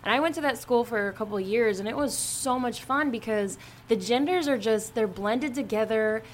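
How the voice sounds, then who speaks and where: Woman, casual podcast chat, higher voice, faint noise behind. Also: normal speed. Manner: giggly, enthusiastic, says "like" often.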